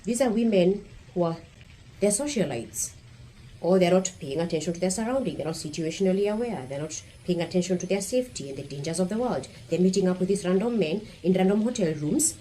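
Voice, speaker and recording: A Kenyan woman with a Kenyan accent speaks briskly in a lowish, animated, dark-toned voice on a low-quality recording with slight background noise. As a vlogger, she delivers blunt, provocative, opinionated commentary in a casual style straight to her viewers.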